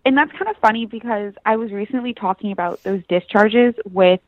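A woman's voice: medium pitch, a little fast, dry recording. Casual woman on a dull, dry mic. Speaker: podcast co-host. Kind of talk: casual chat.

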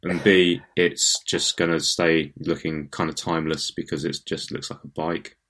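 A man's voice: extremely low pitch, fairly even intonation, normal speed, a bit bright. A man co-hosting a podcast in casual chat, playful, theatrical and self-mocking. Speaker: podcast co-host.

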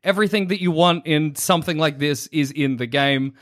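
A man's voice: a little high, brisk, a bit bright. A man hosting a casual podcast chat, joking and laughing often. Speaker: podcast host.

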